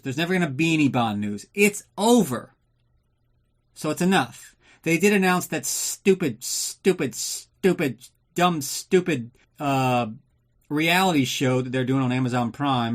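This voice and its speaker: A man's voice: mid-range voice, normal speed. A man hosting a casual movie recap podcast, ranting and sarcastic with plenty of swearing, drinking while he talks. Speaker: podcast host.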